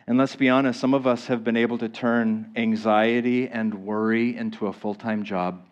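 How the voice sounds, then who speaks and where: A man preaching a sermon as pastor, reading scripture slowly with emphasis and asking his listeners questions. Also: medium pitch, fairly even intonation, lo-fi sound.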